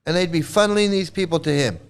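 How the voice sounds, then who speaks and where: A man's voice: fairly high pitch, fast talker, gravelly, clear, resonant tone. A man hosting angry reaction commentary, talking heatedly with a lot of swearing and repeating himself. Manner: heated, profane, repetitive. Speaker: commentary channel host.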